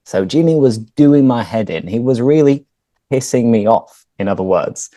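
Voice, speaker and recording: A man, a teacher chatting casually with a friend and clearly explaining words and phrases for learners over a video call. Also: mid-range voice, animated, moderate pace, dark tone, no echo. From northern England. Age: 30s. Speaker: English teacher and host. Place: home room, on a video call.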